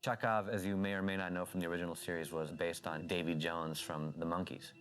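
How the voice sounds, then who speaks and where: A man explains background in a featurette interview. His low, level voice moves quickly and stays matter-of-fact. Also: little pitch movement, a bit bright. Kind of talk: interview for a behind-the-scenes featurette.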